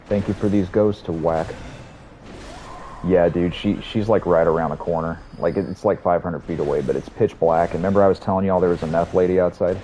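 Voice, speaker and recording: Low and dark, this man's voice comes through slightly muffled with a faint room hum. He's streaming a game, chatting casually and telling stories in a rambling, profane way.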